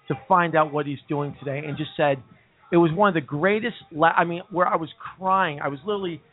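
A man hosting a casual talk show from a pub, animatedly telling stories and acting out other people's lines. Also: on the high side. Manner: animated storyteller, acts out quotes. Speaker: host. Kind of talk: casual bar radio chat. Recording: tinny phone-like radio broadcast.

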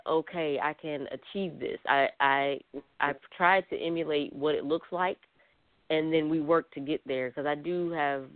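A man's voice: fairly high pitch, no echo. A man counseling as a radio guest, talking bluntly and straight, often laughing. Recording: dry tinny phone-like line.

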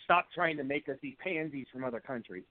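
A man calling in to a talk show, speaking in a heated, fired-up way with a voice that turns a little hoarse. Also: mid-range voice, brisk. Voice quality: voice turning hoarse. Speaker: call-in guest. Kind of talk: political call-in rant. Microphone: phone call. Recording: tinny phone line.

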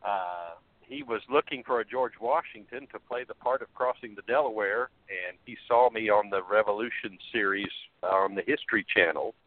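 A man, a pastor, calling into a radio show and talking in an earnest, measured way over a faint phone line. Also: on the low side, dry recording. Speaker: pastor and caller.

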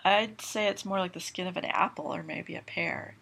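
A woman's voice: lowish voice, fairly even intonation, normal speed, creaky, fairly bright tone, husky, heavily acted, low-quality recording. A woman voicing a young grown daughter in a read-aloud novel, mild and subdued. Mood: wary.

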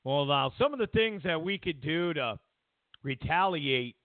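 A high, lively male voice rants in slow, drawn-out bursts of mockery, swinging his pitch wildly. The sound is dry and thin, like it comes down a phone line. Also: dry recording. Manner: sarcastic, mocking, acts out voices of others. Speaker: talk show host. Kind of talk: ranting political commentary.

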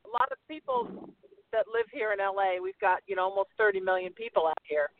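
Chatty woman co-host, lively pitch, phone-thin sound. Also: a little fast, dry recording. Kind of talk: casual radio chat. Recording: phone-like narrow band.

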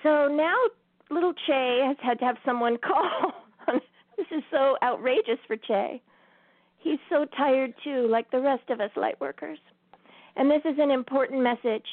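A woman's voice: sits high, moderate pace, dry recording. A woman hosting a spiritual talk show, telling a story in a casual way and laughing often as she talks. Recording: tinny phone-line sound.

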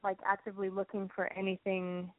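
A woman's voice: medium pitch, completely flat delivery, fairly quick, no echo. Woman guest, hesitant with ums, dry, phone-thin sound. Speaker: guest singer. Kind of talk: casual chat. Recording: dry tinny phone line.

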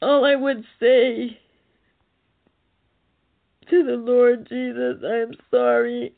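Woman, high and flat voice, pleading prophetic speaker, thin phone-quality recording. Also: slow pace, gravelly. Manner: earnest, tearful, pleading. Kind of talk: relayed prophetic message.

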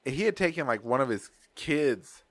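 A man's voice: medium pitch, lively intonation, normal speed, a bit bright, dry recording. Podcast host, male, loose profane storyteller, dry mic. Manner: rambling, profane, slangy storytelling. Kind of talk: casual chat.

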